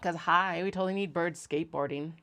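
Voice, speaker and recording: A woman's voice: fairly low pitch, a little fast, pushed and bright. A woman chatting casually on a livestream, rambling and laughing often. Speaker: craft business owner.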